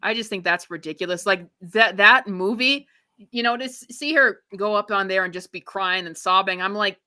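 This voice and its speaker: Bright, opinionated young woman streamer. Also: mid-range voice, normal speed. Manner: opinionated, rambling, frequent restarts. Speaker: live stream host. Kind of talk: live reaction commentary.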